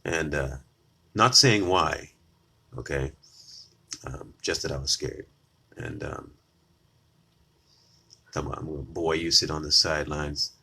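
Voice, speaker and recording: A man's voice: rumbling low, measured pace, gravelly, long pauses, bright, forceful tone, slightly rough. A man giving a combative opinion monologue straight to his viewers, repeating his lines for emphasis. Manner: combative, repetitive, addresses viewers directly. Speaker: political commentator.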